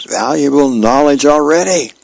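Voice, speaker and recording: A man voicing a grumpy old husband with a deadpan delivery. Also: fairly high pitch, moderate pace, creaky, no echo, voice pushed up, rough recording.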